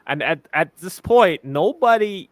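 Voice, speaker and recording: A man's voice: fairly high pitch, animated, measured pace, no echo. Blunt man with a dry close sound. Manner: frequent word repetitions and restarts; blunt and sarcastic, laughs often. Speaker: guest commentator. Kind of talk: live-stream discussion.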